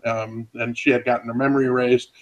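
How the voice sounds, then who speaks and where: A man's voice: medium pitch, flat delivery, fast talker, dull audio. Rambling, profane man in casual chat. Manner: rambling, profane, says "dude" a lot. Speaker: podcast co-host.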